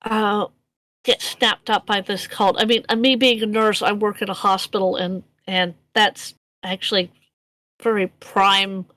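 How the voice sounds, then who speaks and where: A woman voicing a worried male nurse in a tabletop game, speaking hesitantly with halting restarts. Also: medium pitch, fairly even intonation, fairly bright tone, lightly acted, low-quality recording.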